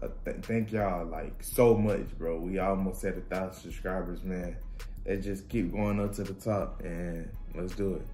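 A young man, bursting into loud exclamations over the plays. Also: deep voice, fairly even intonation, unhurried, soft background music. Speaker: reaction channel host. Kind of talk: casual sports highlight reaction.

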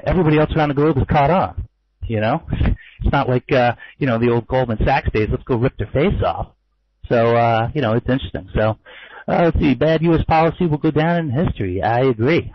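A man talks through the markets in an offhand, conversational way, full of fillers, restarts and wry jokes. His voice is middling in pitch and close to the mic. The sound is dull and muffled, with no room echo at all. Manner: loose and conversational, many fillers, wry asides. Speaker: forex trader and trading educator. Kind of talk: casual market commentary webinar.

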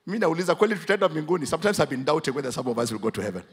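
Kenyan pastor preaching with dramatic swings. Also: male voice, a little high, very animated, racing, slightly rough. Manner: preaching, switches between English and Swahili; dramatic, swings from hushed to loud emphatic. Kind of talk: sermon with congregation call-and-response.

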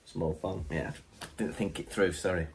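A man's voice: low-pitched, steady tone, measured pace, slight background noise. A man co-hosting a podcast in casual chat, making wry asides and laughing often. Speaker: podcast co-host.

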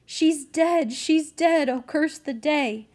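A woman voicing a fussy older female nurse who scolds and gives orders, jumping up high in pitch when she cries out. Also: takes it slowly, a little mellow. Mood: panicked. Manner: bossy, scolding, then wailing. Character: fussing older female nurse, bossy then panicked.

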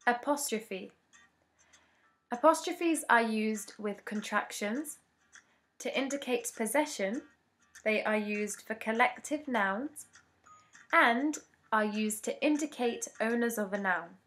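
Slow, measured woman teaching grammar. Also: on the high side, fairly bright tone, faint music behind. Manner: measured, deliberate reading of examples. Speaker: English teacher. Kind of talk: slow scripted grammar lesson.

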